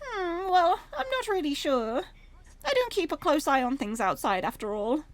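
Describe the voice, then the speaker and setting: A British woman voicing a chatty older woman who runs a noodle shop, fussy and complaining in a high sing-song voice. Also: very animated, moderate pace, dry recording.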